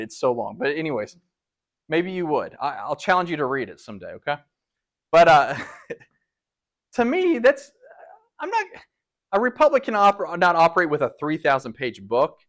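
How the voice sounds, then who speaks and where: A man giving a lecture to a live audience in a meeting room, animated and full of rhetorical questions. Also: high-pitched. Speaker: speaker at a public talk.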